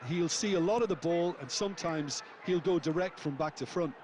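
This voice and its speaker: A man playing an adult male football co-commentator in a video game, giving measured, explanatory analysis. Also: a little high, darkish tone, close to an everyday voice. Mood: analytical. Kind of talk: scripted sports analysis. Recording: game audio with noise behind.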